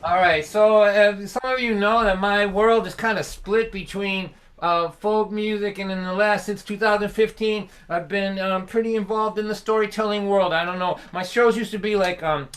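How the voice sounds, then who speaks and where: This is a middle-aged man from the Boston area who tells stories between folk songs on a live stream. He is chatty and laughs as he goes. His voice sits a little high and sounds bright and forceful. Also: steady tone, moderate pace, few pauses. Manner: chatty, laughs often, does voices for family. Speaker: folk singer and storyteller.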